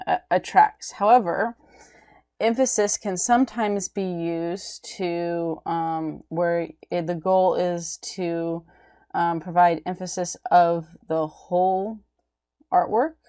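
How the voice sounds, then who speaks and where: Slow, hesitant woman art teacher. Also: lowish voice, mellow. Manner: halting, many ums and restarts, checks in with "right?". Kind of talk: recorded lecture.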